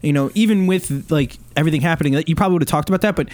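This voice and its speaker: A man's voice: on the high side, very fast, a little mellow. A man chatting on a sports podcast, heated and rambling, full of fillers and restarts. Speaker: Liverpool fan podcast co-host. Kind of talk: casual chat.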